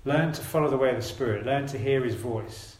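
Male preacher, mid-pitched, earnest and gentle exhortation, roomy church sound. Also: a little fast. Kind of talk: sermon.

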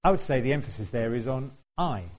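A man's voice: medium pitch, lively intonation, fast talker, darkish tone, low-quality recording. Conversational male preacher. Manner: conversational, asks the congregation questions, laughs now and then. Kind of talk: sermon.

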